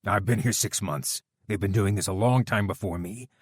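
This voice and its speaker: A man's voice: on the low side, normal speed, husky, dry recording, studio quality. A man voicing a big crude brute who turns to blubbering pleas, in an audiobook. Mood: begging. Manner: loud and crude, pleading tearfully.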